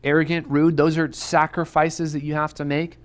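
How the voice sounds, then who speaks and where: A young man preaches to students in an earnest, urgent way. He hammers home his point with repeated questions. His voice sits a little higher than most men's. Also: flat delivery, normal speed. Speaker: youth pastor. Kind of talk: sermon to students. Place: church youth room.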